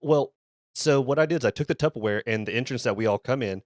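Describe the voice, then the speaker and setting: A man's voice: medium pitch, fast talker, no echo, clean studio sound. A man co-hosting a podcast, telling a workplace story casually, swearing often and restarting and repeating his words as he gets worked up. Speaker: podcast co-host.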